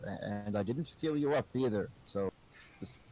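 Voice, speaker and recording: A man's voice: medium pitch, normal speed, warm tone, a little hiss or hum, low-quality recording. A man playing a tabletop game, speaking hesitantly with stammers and fillers. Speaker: player. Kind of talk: casual tabletop play.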